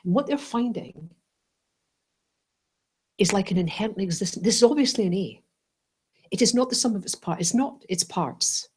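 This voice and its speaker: A woman teaching a Buddhist class, playful and animated, often checking in with "right?" and "yes?". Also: mid-range voice, normal speed, pauses often, slightly rough.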